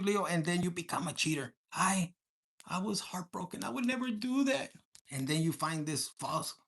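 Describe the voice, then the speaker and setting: Medium in pitch and a bit rough, this voice belongs to a tarot reader giving a casual collective reading. The delivery is lively and frank, full of profanity, with Spanish words sprinkled throughout.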